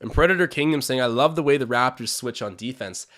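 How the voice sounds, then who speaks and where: A man's voice: mid-range voice, quick pace, fairly bright tone. A young man hosting a live-stream watch-along, chatting opinions, calling plays and reading out viewer comments.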